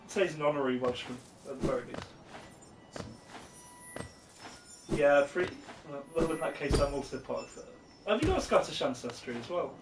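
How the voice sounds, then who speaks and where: A woman's voice: deep voice, animated, normal speed, long pauses. A woman co-hosting a game stream in casual chat, giggly and fond of cute creatures. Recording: echoey room, far mic, game music.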